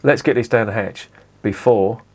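Man, low voice, chatty home beer reviewer, swears and self-corrects. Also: moderate pace, darkish tone, breathy edge. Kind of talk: casual review monologue.

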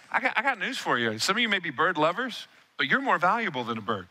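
A man's voice: high-pitched, fast. A middle-aged male pastor preaching a sermon in a church, telling stories and calling on the congregation to respond. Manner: animated, storytelling, calls on the congregation.

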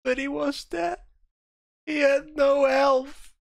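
Young male gamer, slow-talking, high-pitched, shouts and swears at the boss; loud game soundtrack underneath. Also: steady tone, vocal fry, a little hiss or hum. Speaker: gaming video creator. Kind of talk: excited gameplay commentary. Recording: loud game music behind voice. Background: loud game music.

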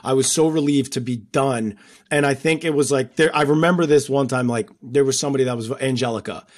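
A man's voice: mid-range voice, fairly quick. A man co-hosting a podcast, recounting an emotional experience in casual chat, with frequent fillers. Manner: emotional storytelling, many fillers like "like". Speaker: podcast co-host and former contestant.

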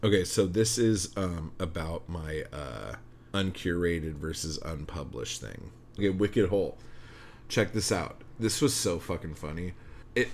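A man's voice: low voice, darkish tone, a little hiss or hum. A man hosting his own podcast, talking casually and bluntly to listeners, swearing often and cheering them on. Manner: profane, blunt, encouraging. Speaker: podcast host. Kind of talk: casual solo podcast chat.

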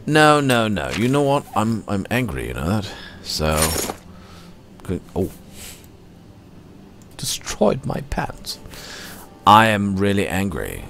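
A let's play host with a low, creaky voice rambles casually over his own gameplay, talking to himself slowly with lively pitch swings and mock anger. Faint game music plays underneath, along with a little hiss or hum.

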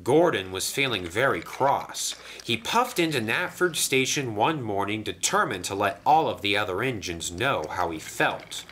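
A man narrating a toy-train storybook with slow, expressive storytelling. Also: fairly low pitch, a little hiss or hum.

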